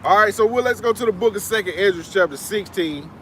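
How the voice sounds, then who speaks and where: A man's voice: high voice, fast talker, sharp tone, slight background noise. A man preaching in a loose, conversational way outdoors in a city, often tacking "man" onto his sentences and chuckling now and then. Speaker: street preacher. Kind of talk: casual preaching talk. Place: outdoors in a city, Atlanta area.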